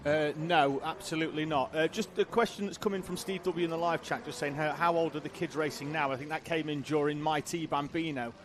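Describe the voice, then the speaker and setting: A man's voice: a little high, slight background noise. A man giving live race commentary, reading viewer questions and calling the action. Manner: measured, reads viewer chat, excited calls.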